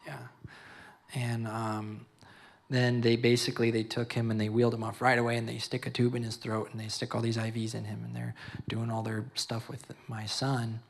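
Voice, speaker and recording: A young man shares his testimony at a youth service. His pitch sits mid-range, and he keeps stopping, repeating words and drifting into preaching. His speech is personal and full of feeling. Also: monotone, moderate pace, vocal fry. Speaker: father giving testimony.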